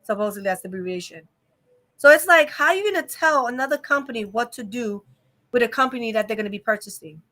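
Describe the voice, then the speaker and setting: A woman's voice: a little high, expressive, fast, pushed and bright. A young adult woman hosting a casual live-stream chat, giving an opinionated, rambling rant full of fillers. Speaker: vlog host.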